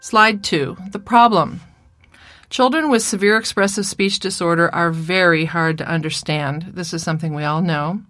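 A woman giving a recorded lecture presentation on speech therapy, speaking in a clear, measured teaching voice. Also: lowish voice, a bit bright, no room sound, faint music behind. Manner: clear, measured teaching voice with playful child and mother impressions.

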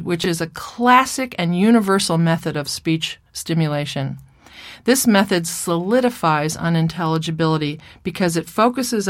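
Measured woman lecturing on speech therapy. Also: lowish voice, fairly bright tone, no echo, clean studio sound. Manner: measured, clinical, modeling sounds slowly. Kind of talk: recorded lecture with slides.

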